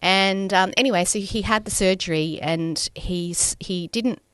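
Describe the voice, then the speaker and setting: A woman, telling a personal story as a podcast guest, halting and emotional with many restarts. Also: mid-range voice, fairly bright tone, clean tone, no room sound, clean studio sound. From Australia.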